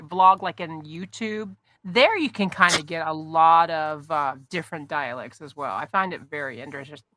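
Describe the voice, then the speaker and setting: A woman's voice: low voice, pushed and bright, dry recording. A woman hosting an interview podcast who asks rambling questions and searches for her words. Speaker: podcast host. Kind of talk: casual interview chat.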